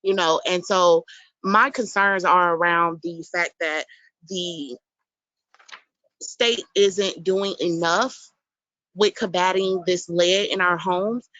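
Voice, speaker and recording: Mother at public hearing, lowish voice, dry muffled remote audio, earnest and halting. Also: fairly even intonation, sharp tone, no room sound. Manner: earnest, emotional, halting with fillers. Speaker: public commenter, concerned parent. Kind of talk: public testimony at a council hearing. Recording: dull, muffled call audio.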